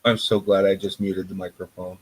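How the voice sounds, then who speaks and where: A man chatting casually on a live stream, gruff and exasperated. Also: sits low, flat delivery, a little fast, a little hiss or hum, rough recording.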